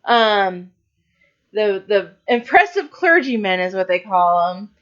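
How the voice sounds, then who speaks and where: A woman co-hosts a relaxed podcast, stepping through a film's story and pausing often on ums. Her pitch is mid-range for a woman. The recording has a muffled, lo-fi quality. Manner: narrates plot points with frequent ums. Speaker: podcast co-host. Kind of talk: casual chat. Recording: dull lo-fi recording.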